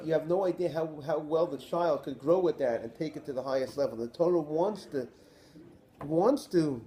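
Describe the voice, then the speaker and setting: A man, a rabbi, giving a Torah class lecture in an animated way, posing rhetorical questions to his listeners. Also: on the high side, slight background noise.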